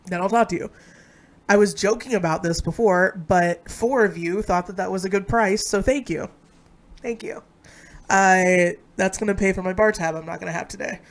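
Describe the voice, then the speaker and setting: A woman's voice: medium pitch, moderate pace. A woman co-host with a nasal, sick voice, bantering sarcastically in a casual live-stream chat.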